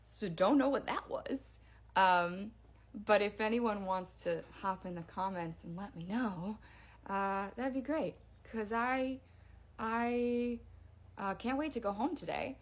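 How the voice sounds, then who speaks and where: A young woman recounts a spooky night in a casual, animated way. Her voice has a gravelly fry, and she lowers it to a hush at the eerie moments. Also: slow pace. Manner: animated, hushed for spooky parts. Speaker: storyteller. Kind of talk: casual storytelling to camera.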